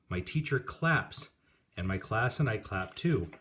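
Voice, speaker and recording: A man calmly reading a children's picture book aloud. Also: lowish voice, a little slow.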